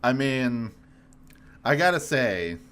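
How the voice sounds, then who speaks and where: A man's voice: medium pitch, big pitch swings, slow pace, a bit bright, smooth. A man co-hosting a podcast in casual chat, rambling, swearing and laughing often. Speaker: podcast co-host.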